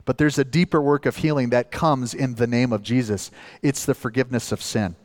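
A man's voice: mid-range voice, fairly even intonation, fairly quick. Earnest male preacher in a reverberant hall. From northern Minnesota. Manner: earnest preaching, rising with emphasis on key points. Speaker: pastor. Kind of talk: sermon.

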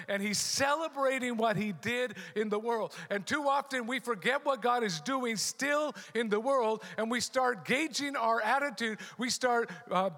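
A man's voice: very high voice, pushed and bright. A middle-aged man preaching a sermon as pastor, emphatic and repeating his key phrases. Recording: long hall reverb.

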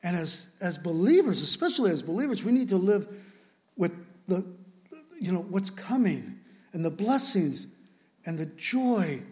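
A male pastor with a high voice delivers a sermon in an earnest, impassioned way. His feeling runs close to the surface, and he often breaks off and restarts his sentences. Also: sing-song, measured pace, a little mellow. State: emotional.

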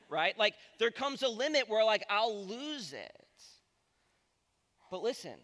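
A man in his thirties preaching a sermon with a high, bright, forceful voice. He tells stories animatedly and acts out the voices of the people in them. His words ring out with a long reverb through a large church hall. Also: animated, moderate pace. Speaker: pastor.

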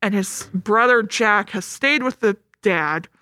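A woman's voice: mid-range voice, takes it slowly, bright, forceful tone, no echo. A woman in casual chat, retelling a film's plot in a chatty way full of fillers. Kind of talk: casual chat about a movie.

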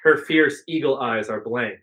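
Brief: adult reader narrating aloud dramatically, mid pitch, adding sound effects. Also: male voice, unhurried, a bit bright, low-quality recording. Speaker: host reading aloud.

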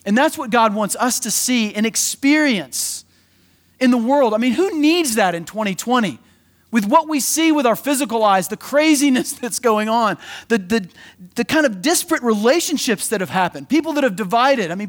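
A man preaching a sermon in an energetic, conversational way, slipping into quick acted asides. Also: very high-pitched. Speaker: pastor.

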